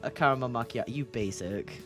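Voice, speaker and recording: A woman's voice: extremely low pitch, a little fast, music in the background. A woman streamer chatting playfully and reading a game aloud, giggling and teasing. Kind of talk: casual commentary while reading a game aloud.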